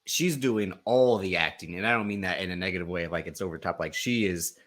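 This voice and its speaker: A man co-hosting a podcast, chatting casually about a TV show, peppering his talk with "like" and "um" and quick laughs. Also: low-pitched, fairly bright tone. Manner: laughs often, fills with um and like. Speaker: podcast co-host. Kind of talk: casual chat.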